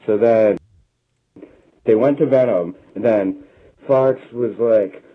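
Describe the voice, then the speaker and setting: A man's voice: on the low side, slow pace. A man retelling a story in a rambling, run-on comic way, chaining everything with "and then". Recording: dull lo-fi recording.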